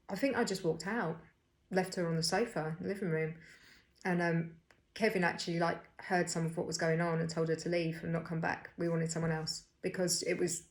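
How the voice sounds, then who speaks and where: A young woman talks through her own experience in a loose, rambling vlog manner. Her voice sits low with a gravelly fry, and she speaks candidly, doubling back on herself often. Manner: rambling, frank, with restarts and fillers. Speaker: vlogger telling her birth story. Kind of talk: casual personal storytelling.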